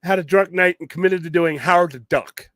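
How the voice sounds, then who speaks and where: A man's voice: high-pitched, a little fast, fairly bright tone, no echo. A man hosting a late-night geek talk show, rambling casually with strong opinions, frequent restarts and some swearing. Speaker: podcast host.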